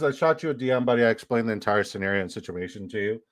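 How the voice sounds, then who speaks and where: A man's voice: fairly low pitch, fast talker, no echo. A man hosting a fantasy football livestream, chatting casually, joking around and reading chat messages aloud. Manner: playful, reads chat aloud, jokey hype. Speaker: livestream host.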